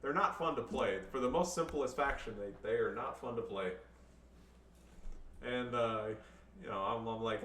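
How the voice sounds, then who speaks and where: A man's voice: medium pitch, normal speed, long pauses, fairly bright tone, distant mic. A man commentating replays of his own strategy game matches in a loose, crude, joking way, with frequent swearing. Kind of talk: casual gameplay commentary. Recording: echoey room, voice off-mic, faint background noise.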